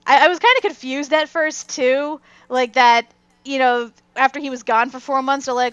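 A woman's voice: sits high, normal speed, a bit bright, smooth, no room sound. A woman co-hosting a casual fan discussion podcast, chatty and giggly, saying "like" a lot. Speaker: podcast co-host. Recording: dull, dry lo-fi mic.

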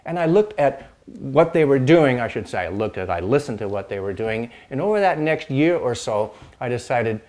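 An older man, a show host, looks back on how he got started in music, speaking at an ordinary middle pitch. He meanders, repeats himself and restarts his sentences, and now and then breaks off to strum a few chords on his instrument. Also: very animated, normal speed, a little mellow. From Pacific Northwest, United States. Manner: rambling, with frequent restarts and fillers; demonstrates chords while talking. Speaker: host and dulcimer player. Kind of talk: casual reminiscing monologue.

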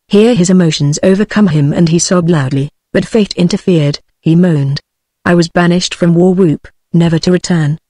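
A text-to-speech woman's voice with a British English accent, narrating an audiobook in an even, machine-read way. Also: on the low side, moderate pace, no echo, clean studio sound.

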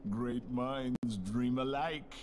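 A man's voice: medium pitch, very slow, a little mellow. An actor voicing a sly, teasing young male trickster in video game dialogue, over game music. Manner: teasing, glib.

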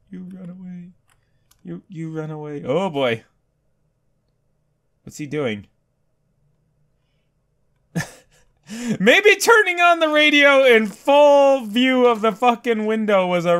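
An excitable man commenting on a game as he plays, with a high, lively voice that jumps all over the place. He drawls at an unhurried pace between bursts, swears freely, and yelps when startled, with faint game music underneath. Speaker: gamer. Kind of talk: let's play commentary.

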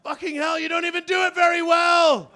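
A man voicing a snooty young male elephant who whines and shouts in outrage. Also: very high voice, big pitch swings, normal speed, pitched above the performer's own voice. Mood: outraged. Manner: whiny, outraged, shouting complaints.

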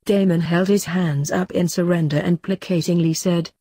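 A woman's voice: lowish voice, fairly even intonation, moderate pace, warm tone, breathy edge, no room sound, studio quality. A woman reading fanfiction aloud, narrating steadily and lightly voicing the dialogue. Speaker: fanfiction reader.

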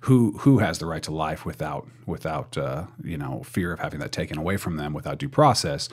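A young man with a low, slightly husky voice hosts a casual podcast. He rambles, repeats words while he gathers his thoughts, and keeps an easy, chatty flow. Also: very animated, fairly quick. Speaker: podcast host.

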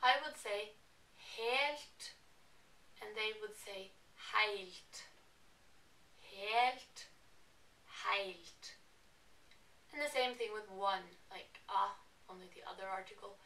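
A Norwegian woman with a Norwegian accent, giving a casual language lesson and slowly repeating example words. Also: mid-range voice, pushed and bright, far from the mic. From Norway. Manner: chatty, explains words by repeating them slowly. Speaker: language teacher. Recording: echoey room, voice a bit off-mic.

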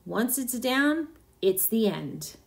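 Brief: woman voicing ruthless middle-aged husband, gruff, smug, harsh storybook villain. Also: a little high, sing-song, slow, exaggerated voice. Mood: cold, smug.

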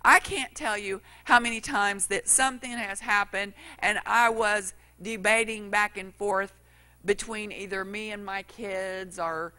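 Bright-voiced woman preaching. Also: medium pitch, steady tone, measured pace. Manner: folksy storytelling, acts out quotes. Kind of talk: sermon.

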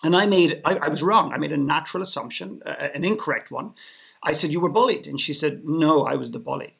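An Irish man appears as a guest in a podcast panel, telling a story with sarcasm and frequently restarting his sentences. His voice is a little high and a bit bright, with vocal fry, and he talks fast.

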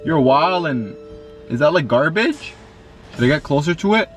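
Excitable young man vlogging outdoors. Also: fairly high pitch, moderate pace. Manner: excitable, slangy, keeps addressing viewers. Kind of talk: casual vlog commentary. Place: outdoors in a field. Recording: music playing loudly underneath.

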